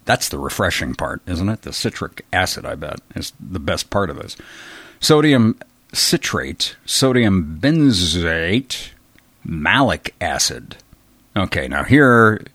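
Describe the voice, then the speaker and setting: Fifty-something guy rambling to himself, low voice, dry close sound, keeps chuckling at his own jokes. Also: a bit bright, no echo. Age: 50s. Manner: self-deprecating, chuckling asides. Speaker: podcast host. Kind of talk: rambling solo monologue. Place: bedroom.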